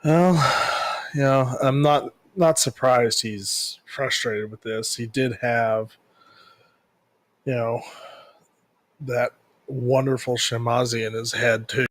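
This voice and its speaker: A man's voice: medium pitch, fairly even intonation, slow, long pauses, fairly bright tone, no echo. A man voicing Anton, a wry, easygoing hero. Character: Anton, a calm, wry adult male hero.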